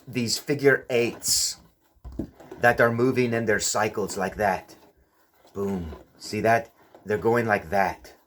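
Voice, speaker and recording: A man's voice: medium pitch, a little hiss or hum. A man giving a casual hands-on explanation with objects, often stopping to ask the viewer whether they see it. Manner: keeps checking with the viewer, repeating "do you see". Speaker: presenter demonstrating with objects.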